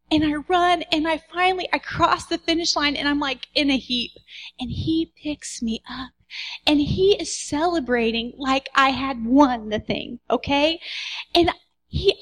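A woman giving a devotional sermon with earnest personal storytelling, sometimes dropping to a whisper. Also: sits high. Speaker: speaker in a devotional message.

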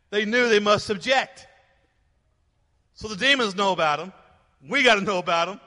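A male pastor delivers an emphatic sermon, hammering his points through repetition. His voice sits high and sounds bright and forceful. The sound rings with the long reverb of a church sanctuary. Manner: emphatic preaching with repeated rising exhortations.

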